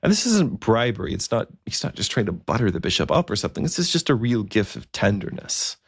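A man with a very low, gravelly voice relates a piece of history at an easy pace, chatty and sing-song, with the odd filler pause. The recording is close and dry, free of any room sound.

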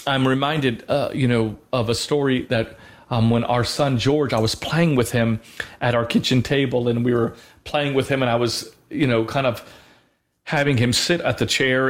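An earnest man in his thirties talks through a teaching on a Christian talk show. He speaks at an ordinary mid pitch, leaning on fillers and restarting his sentences as he thinks aloud. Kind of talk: conversational teaching.

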